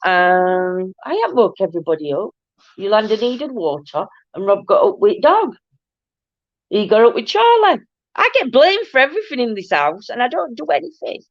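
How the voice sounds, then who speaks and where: Yorkshire woman from Barnsley hosting a casual livestream, chatty and quick to laugh, dull dry recording. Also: fairly high pitch, very animated, no echo. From Yorkshire, England. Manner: chatty and laughing, broad dialect. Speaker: livestream host. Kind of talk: casual chat reading viewer comments.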